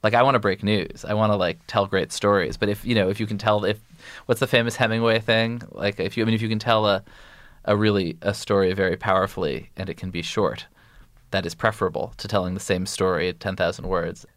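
Low-voiced guy rambling on in a podcast interview, lots of restarts, dry close mic. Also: a little fast, no echo. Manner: rambling, self-interrupting, animated storytelling. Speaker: guest, news editor.

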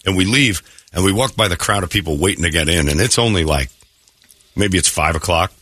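A man's voice: low voice, brisk, fairly bright tone, slightly rough, dry recording. A man hosting a morning radio show, rambling through casual stories and acting out what people said. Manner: rambling storyteller, acts out quotes. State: clearing throat. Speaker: radio host. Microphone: studio mic.

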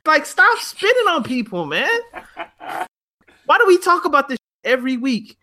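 Blunt man, high, bright voice, swings widely in pitch, heated co-host. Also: moderate pace, slight background noise. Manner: blunt, animated, swears freely. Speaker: podcast co-host. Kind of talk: heated casual chat.

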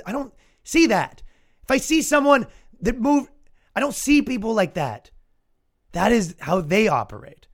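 Animated Canadian man ranting sarcastically. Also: on the high side. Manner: animated, sarcastic, swearing, mock-quoting opponents. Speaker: podcast host. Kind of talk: solo comedic podcast rant.

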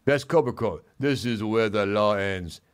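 A man hosting a comedic chat show, talking in a deadpan, mumbling way. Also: fairly low pitch, a little slow, smooth. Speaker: host.

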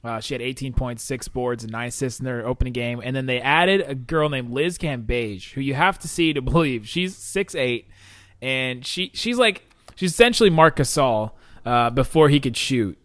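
A man's voice: mid-range voice, lively intonation, moderate pace, a bit bright, no echo. A man co-hosting a sports podcast, chatting casually with rambling asides and frequent laughs. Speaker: podcast co-host.

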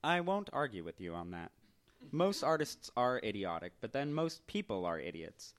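Dude playing a pompous artsy guy, lively sing-song delivery, talks big. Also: medium pitch, moderate pace, close to an everyday voice. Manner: grandiose, whimsical, theatrical. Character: Jack, pompous young male artist, bar founder.

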